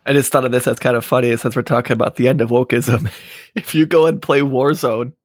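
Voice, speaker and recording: A man's voice: mid-range voice, steady tone, brisk, dry recording, clean studio sound. Brash, laughing, profane man. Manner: brash, profane, laughs while telling stories. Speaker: podcast co-host. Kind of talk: casual chat.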